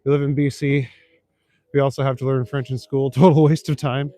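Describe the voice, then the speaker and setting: Walking city back streets at night, a young man from Northern Ontario, Canada, talks with viewers on his live stream in a mid-range voice at a fairly quick pace. There is no room sound. He's laid-back, swears offhandedly and reads and responds to the chat.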